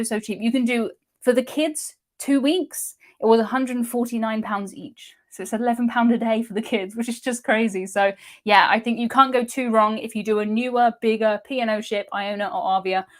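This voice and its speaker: A woman hosting a cruise live stream, chatting casually and reading out viewer comments with frequent laughs. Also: a little high. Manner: chatty, laughs often, excitable.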